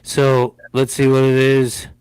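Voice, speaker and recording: A man's voice: mid-range voice, completely flat delivery, takes it slowly, darkish tone, smooth, dry recording. A man hosting a casual livestream game, rambling and jokey and often repeating himself. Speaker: livestream host.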